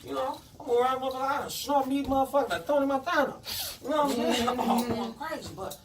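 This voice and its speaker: A man telling a profane story to friends, acting out the quotes and swinging between loud and quiet. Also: extremely high pitch, fast talker. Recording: echoey room, far from mic, noisy.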